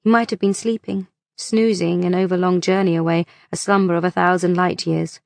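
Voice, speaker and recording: A woman narrating an audiobook in a measured, unhurried reading voice on a close mic. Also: lowish voice, little pitch movement, gravelly, a little mellow, dry recording.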